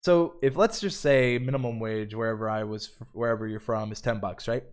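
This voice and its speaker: Speaking fairly quickly with hardly any pauses, this man's medium-pitched voice is animated. He runs a live stream tutorial in an upbeat way, stopping between explanations to read out viewer comments and shout out the chat.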